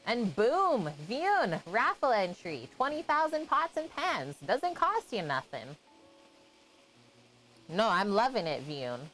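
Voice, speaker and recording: A woman's voice: a little high, big pitch swings, slow pace, a bit bright, faint music behind. A woman from Canada chatting casually on a live cooking stream, greeting and thanking viewers by name and laughing often.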